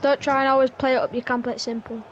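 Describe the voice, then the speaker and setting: A woman's voice: high-pitched, little pitch movement, very fast. A woman, bluntly coaching her teammates during an online football game. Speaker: gamer playing with friends. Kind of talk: casual gaming chat. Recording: dull lo-fi voice chat.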